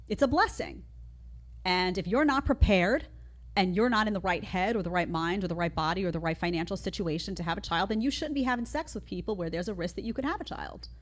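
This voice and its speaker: A woman's voice: medium pitch, lively intonation, a little fast. A middle-aged woman hosting her own opinion show, talking in an emphatic way with lots of rhetorical questions. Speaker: show host. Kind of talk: opinion commentary.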